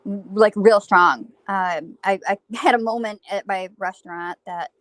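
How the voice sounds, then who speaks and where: Casting: woman panelist, mid-pitched, giggly storyteller, dry close sound. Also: unhurried, fairly bright tone, no room sound. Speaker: panel guest. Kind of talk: casual live-stream chat.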